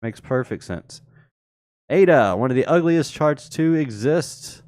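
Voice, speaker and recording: A man's voice: medium pitch, expressive, a little slow, a little mellow, no echo, clean studio sound. A man hosting a live crypto market show, casually talking through charts and answering viewers in chat. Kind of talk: live chart analysis stream.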